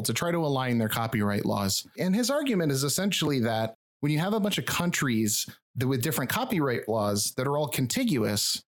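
Wry rural Michigan man hosting a podcast. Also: medium pitch. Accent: rural Michigan, drops final G's and D's. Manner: wry, swearing, self-mocking. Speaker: podcast host and researcher. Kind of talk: casual podcast chat with jokey asides.

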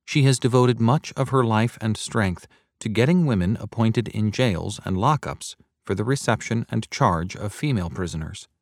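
A man giving a measured, earnest reading of a devotional sermon, slowing down to stress key points. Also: fairly low pitch, lively intonation, no echo, studio quality. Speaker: reader of a devotional text.

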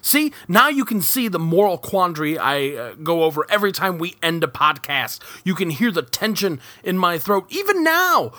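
A man's voice: high-pitched, very animated, normal speed, hardly any pauses, sharp tone, no room sound. A man hosting a podcast alone from his home kitchen setup, rambling and self-mocking with casual profanity. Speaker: podcast host. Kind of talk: solo rambling podcast aside.

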